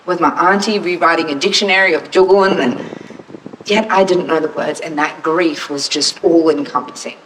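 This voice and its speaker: A woman telling a heartfelt, reflective personal story at a camp gathering, describing her land in vivid detail before singing. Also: low-pitched. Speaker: storyteller and singer. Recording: distant mic with faint background noise.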